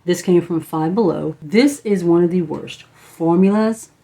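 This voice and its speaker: A woman's voice: fairly low pitch, a little slow, creaky, dark tone. A woman beauty vlogger, likely in her thirties, from the United States, chatting casually and gushing enthusiastically about eyeshadow palettes. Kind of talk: casual product review.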